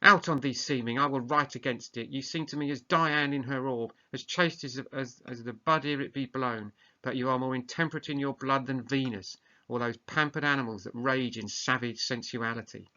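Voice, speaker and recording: A man's voice: medium pitch, moderate pace, few pauses, bright, forceful tone. A man reading the part of a young nobleman who bitterly shames his bride, read aloud from a play script. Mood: accusing. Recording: muffled lo-fi recording.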